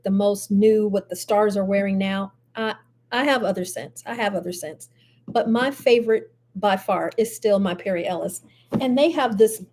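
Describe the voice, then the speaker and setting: This host is an older woman with grandchildren, greeting viewers on a casual live stream. She is chatty, laughs a lot and addresses them directly, in a medium-pitched voice with a darkish tone.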